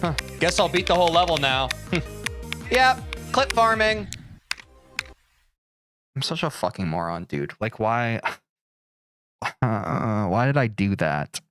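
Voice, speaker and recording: A man's voice: mid-range voice, lively intonation, slow, pauses often, over music. A young man livestreaming a game, chatting casually with viewers, self-mocking and swearing freely. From United States. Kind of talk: casual chat with viewers while gaming.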